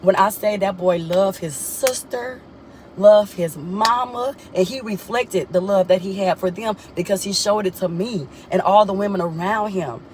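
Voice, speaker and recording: A young woman telling a personal story in a casual vlog, animated and colloquial, repeating herself and talking straight to viewers. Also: normal speed, slight background noise. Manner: animated, expressive, often jumps high in pitch when excited. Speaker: vlogger.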